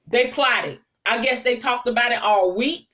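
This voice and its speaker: A woman apostle telling stories in a sermon, lively and conversational, speaking straight to her listeners. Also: a little high, unhurried, far from the mic, rough recording. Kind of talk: storytelling sermon to a live audience.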